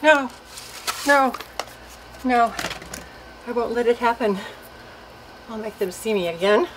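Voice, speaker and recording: An older actress playing a faded star who talks to herself in a brooding, pleading film monologue. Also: female voice, a little high, slow pace, background noise. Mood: desperate. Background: cello music.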